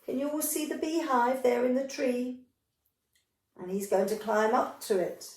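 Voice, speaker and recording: A woman reads a children's picture book aloud, her voice sitting a little high. She stops now and then to chat with her young listeners. She sounds set back from the mic in an echoey room. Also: unhurried, a little mellow, recorded from a distance, slight background noise. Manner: reads character lines in livelier voices and adds chatty asides to young listeners. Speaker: storyteller.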